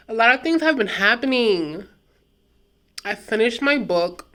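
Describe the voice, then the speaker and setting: A young adult woman vlogging casually, talking through a personal memory in a reflective, unhurried way with trailing pauses and repeated words. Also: mid-range voice, animated, a bit bright. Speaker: vlogger and self-published author.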